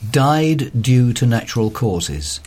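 A man reading local news and inquest reports in a steady, sober way. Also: medium pitch, takes it slowly. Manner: steady, sober read-aloud delivery. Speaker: volunteer news reader. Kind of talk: reading local newspaper stories aloud.

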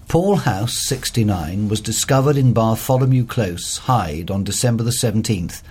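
A man with a fairly low, husky voice reads local news reports. His delivery is steady and sober, taking the stories one at a time. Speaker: volunteer news reader. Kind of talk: reading local newspaper stories aloud.

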